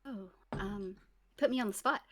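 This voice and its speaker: A woman answering quick-fire quiz questions in casual chat, hesitant and giggly, with lots of ums. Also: mid-range voice, slight background noise. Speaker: guest streamer with a virtual avatar. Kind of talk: casual game-show chat.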